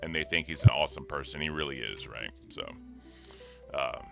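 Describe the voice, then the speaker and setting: A man with a deep voice hosting a casual livestream, announcing giveaways in a laid-back way. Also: normal speed, gravelly, faint music behind. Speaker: livestream host.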